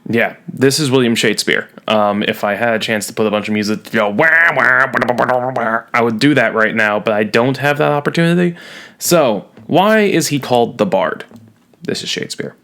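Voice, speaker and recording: A man's voice: mid-range voice, a little fast, fairly bright tone. A man teaching a recorded lesson, playful and jokey, leaning hard on key words. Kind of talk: recorded classroom lecture.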